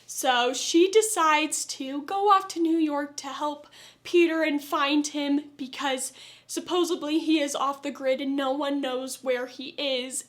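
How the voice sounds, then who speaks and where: A woman giving a casual, opinionated show review in a chatty way, getting loud and exasperated when she rants. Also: high voice.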